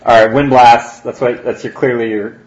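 A man's voice: medium pitch, steady tone, normal speed, darkish tone, highs cut off. A man playing in a tabletop game, pushy and full of advice to the others. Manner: pushy, keeps giving advice. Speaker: player. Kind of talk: casual tabletop game chat.

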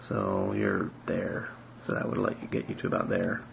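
A man running a tabletop game as game master, halting with many ums and restarts. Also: sits low, big pitch swings, vocal fry. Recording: echoey room, dull lo-fi sound, faint noise.

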